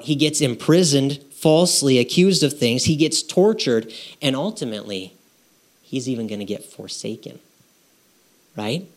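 Conversational preacher, man, mid-pitched. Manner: conversational preaching, frequent "right?" and "okay?" checks. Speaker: pastor. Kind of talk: sermon.

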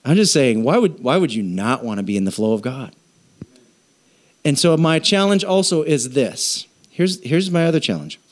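A middle-aged man preaching a conversational sermon on generosity, with jokes and animated asides. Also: mid-range voice, normal speed. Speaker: pastor.

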